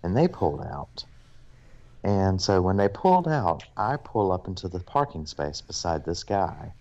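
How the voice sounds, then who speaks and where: Man, very low voice, podcast co-host, casual storytelling, profane, rambling. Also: sing-song, measured pace, a little mellow, muffled recording. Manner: rambling, profane anecdote-telling. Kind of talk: casual storytelling among friends.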